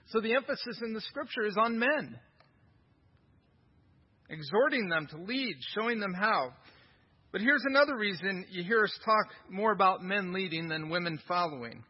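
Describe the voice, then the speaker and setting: A man's voice: high voice, animated, normal speed, breathy edge, dull audio. A male pastor preaching a sermon in an emphatic style, with rhetorical questions and repetition.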